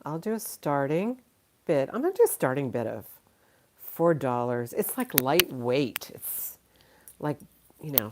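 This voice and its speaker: A woman's voice: sits low, a little mellow, slight background noise. A woman running a casual live-stream auction, chatty and thinking aloud, laughing often and a little tired. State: tired, yawning.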